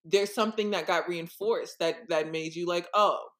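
A woman co-hosting a podcast in casual chat, animated and theatrical, often slipping into quoted voices. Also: fairly low pitch, normal speed. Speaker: podcast co-host.

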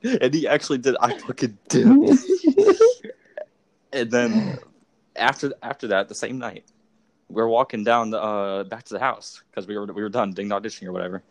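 A man's voice: lowish voice, animated, moderate pace, long pauses, no room sound. A young man hosting a casual podcast, telling stories animatedly with frequent laughter. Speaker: podcast host. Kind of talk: casual storytelling chat.

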